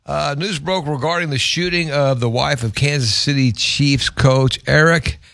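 A man co-hosting a casual news and sports talk show, joking around and reading headlines haltingly with fillers. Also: fairly high pitch, fairly even intonation, vocal fry, a bit bright, no room sound, studio quality. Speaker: co-host.

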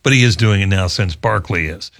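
A male sports radio host chatting in a lively, amused way. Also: low voice, fairly quick, vocal fry. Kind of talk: casual talk show commentary.

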